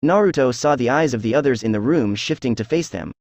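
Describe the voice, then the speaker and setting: A man reading fan fiction aloud as narrator, in a steady, even storytelling voice. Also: mid-range voice, quick pace, no room sound.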